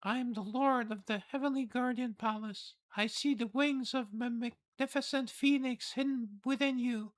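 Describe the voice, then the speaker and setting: A woman's voice: fairly high pitch, steady tone, moderate pace, hardly any pauses, voice pushed up, lightly acted. A man voicing a commanding female palace lord who speaks in solemn, grand declarations.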